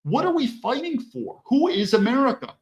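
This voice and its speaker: Heated high-pitched man in an echoey room. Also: big pitch swings, moderate pace, muffled recording. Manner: heated, rhetorical questions, profane. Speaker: podcast host. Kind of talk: political commentary.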